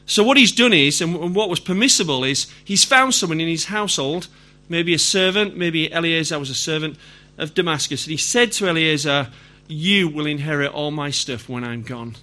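A middle-aged Yorkshire man preaching a sermon to a congregation. His voice sits high and sounds bright and forceful. He talks in a chatty way and often asks his listeners questions. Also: normal speed, hardly any pauses. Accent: Yorkshire English. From Yorkshire, England.

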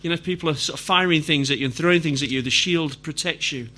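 A middle-aged Yorkshire man preaching a sermon to a congregation. His voice sits high and sounds bright and forceful. He talks in a chatty way and often asks his listeners questions. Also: quick pace. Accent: Yorkshire English. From Yorkshire, England.

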